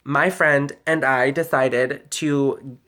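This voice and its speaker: A man's voice: medium pitch, fairly even intonation, takes it slowly, pushed and bright. Emotional, candid man venting on camera. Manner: candid and emotional, rambling with many "like"s and some swearing. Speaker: vlogger. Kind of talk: personal confessional vlog.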